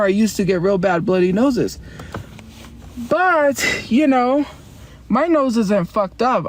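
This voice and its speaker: In a medium pitch, a woman chats on a livestream from inside her car, meandering and defensive, laughing quickly as she replies to viewers' comments.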